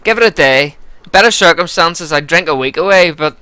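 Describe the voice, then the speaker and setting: A gruff, hulking giant warrior growls his words in a heavy put-on Glaswegian accent, as a man puts him on. He is blunt and cynical, and his voice rings bright and clear. It is game dialogue voiced aloud by one reader. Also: fairly high pitch, expressive, normal speed, no room sound, pitched above the performer's own voice. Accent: put-on Glaswegian Scottish. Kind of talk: amateur voice acting over a game.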